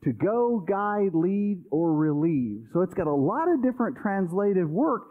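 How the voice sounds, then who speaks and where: A man's voice: high-pitched, sing-song, measured pace. A male pastor teaching an informal Bible study class, explaining things conversationally with everyday examples and often checking in with "okay?". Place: church. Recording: tinny, phone-like sound.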